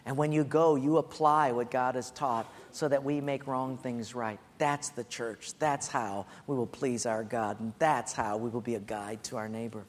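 A man preaching a sermon as pastor, earnest and repetitive, dropping soft and low on his key points. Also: steady tone, moderate pace, few pauses. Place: church sanctuary. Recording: echoey hall.

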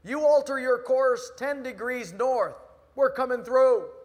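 A man playing a pompous male navy admiral who barks orders in a booming voice. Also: a little slow. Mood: commanding. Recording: long reverb in a hall.

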